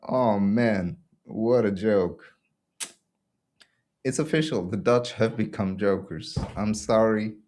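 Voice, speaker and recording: A man's voice: on the low side, takes it slowly, darkish tone, a little hiss or hum. A man from Belgium hosting a casual opinion show, ranting sarcastically and laughing often. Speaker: podcast host.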